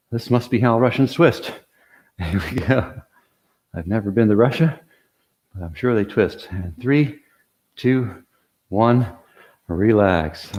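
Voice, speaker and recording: An older man coaching a workout at an unhurried pace, his voice sitting fairly low. He demonstrates each move as he explains it, counts down the reps and keeps cheering listeners on with small jokes. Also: a little mellow. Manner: encouraging, counts reps, cues breathing, light jokes; talks while demonstrating the exercises. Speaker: exercise coach. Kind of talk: guided workout instruction.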